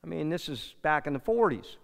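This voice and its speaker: Pastor, high-pitched, smooth voice, animated storytelling sermon, reverberant sanctuary. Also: male voice, a little fast. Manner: animated, rises and drops in volume, acts out characters in the story. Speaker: preacher. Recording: long reverb of a large hall.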